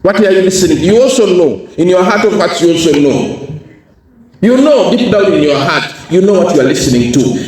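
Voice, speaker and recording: A man's voice: on the high side, darkish tone, slight background noise. A man giving a motivational talk to students, emphatic, asking the audience questions and repeating key phrases. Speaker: guest speaker; educationalist. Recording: echoey hall, speaker far from mic.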